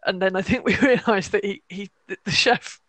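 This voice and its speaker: A chatty woman, giggling often and growing animated as she talks. She co-hosts a podcast in a relaxed back-and-forth. Her voice sits in a middle register, and the recording is dry and close. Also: medium pitch, normal speed, no room sound. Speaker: podcast co-host. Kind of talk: casual chat.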